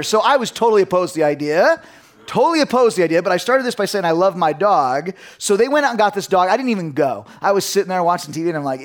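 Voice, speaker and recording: A middle-aged pastor preaching to his congregation in a fairly high voice for a man. He tells animated stories from home and acts out the voices of his family as he goes. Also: fairly quick. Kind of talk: sermon with personal stories.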